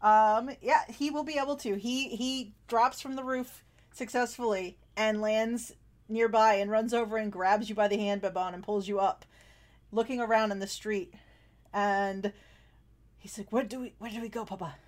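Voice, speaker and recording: A woman's voice: mid-range voice, fairly even intonation, a little slow. A woman narrating a tabletop game as game master, chatty and laughing often, with frequent fillers.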